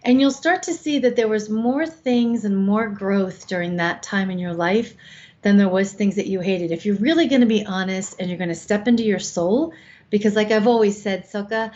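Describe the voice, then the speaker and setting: A woman's voice: mid-range voice, moderate pace, a little mellow. Woman over 50, co-host, frank coaching talk, casual swearing, slightly dull recording. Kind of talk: casual conversational advice.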